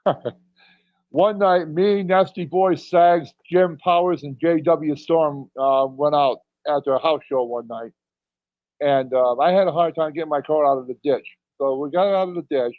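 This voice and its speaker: A man's voice: a little high, measured pace, no room sound. Middle-aged man telling rambling stories. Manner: rambling storyteller, chuckles between lines. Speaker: guest, pro wrestler. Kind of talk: casual anecdote telling. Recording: dull, dry lo-fi audio.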